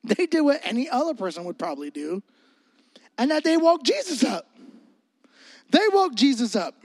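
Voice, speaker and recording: A man preaches a sermon with a very high voice. His delivery is animated and comedic, and he acts out the scenes in his stories. The recording is close and dry, with no room sound. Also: normal speed, dry recording. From Florida.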